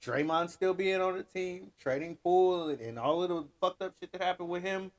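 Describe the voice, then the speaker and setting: A man's voice: high-pitched, a little fast. A man co-hosting a podcast, talking sports in blunt, profane, opinionated rants and laughing often. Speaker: podcast co-host. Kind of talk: casual sports banter.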